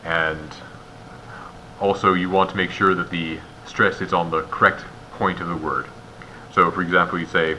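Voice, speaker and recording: Low, very bright-voiced male instructor. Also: fairly even intonation, normal speed, slight background noise, rough recording. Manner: methodical and explanatory, poses rhetorical questions. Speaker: instructor guiding raters. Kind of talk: step-by-step instructional walkthrough.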